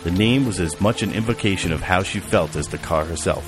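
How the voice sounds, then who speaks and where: Deep guy reading a story out loud, steady, music and rain behind him. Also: brisk. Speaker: narrator. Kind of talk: audiobook narration.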